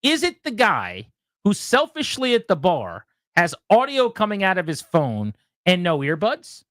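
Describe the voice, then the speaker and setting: A male radio host chatting casually and telling an animated story, acting out other people in loud, high bursts. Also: a little slow, no echo, studio quality.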